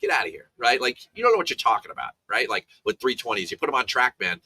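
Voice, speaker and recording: Bright-voiced man rambling about golf picks. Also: medium pitch, wildly swooping pitch, quick pace, breathy edge. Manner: rambling storyteller, many restarts and asides. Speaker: golf betting analyst. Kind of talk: casual sports betting chat.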